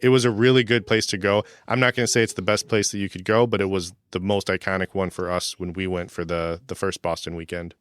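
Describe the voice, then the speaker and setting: A man co-hosting a podcast, telling relaxed anecdotes in casual chat. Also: low voice, fast, few pauses, clear, resonant tone. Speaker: podcast co-host.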